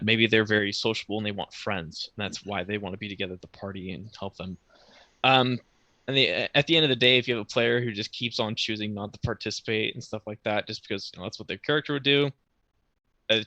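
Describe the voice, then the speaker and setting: A man's voice: lowish voice, fast, sharp tone, dry recording. A man, a newer player, eagerly chatting on a tabletop game panel. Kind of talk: casual panel discussion.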